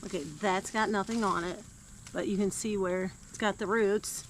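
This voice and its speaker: A woman vlogging casually while digging in her garden outdoors, chatty and quick to laugh. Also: mid-range voice, fairly even intonation. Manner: chatty and easily delighted, laughs often. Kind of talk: casual chat while working. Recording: outdoor recording with clear background noise.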